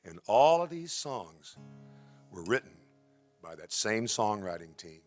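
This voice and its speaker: A man's voice: fairly low pitch, very animated, measured pace. A male singer hosting a benefit concert on a theatre stage, chatting folksily about music history between songs. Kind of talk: storytelling patter between songs.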